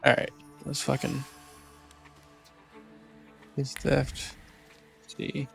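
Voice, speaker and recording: Male streamer, mid pitch, gravelly, joking casual commentary. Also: monotone, very slow, a bit bright, faint music behind. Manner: wisecracking, swears freely. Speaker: let's play streamer.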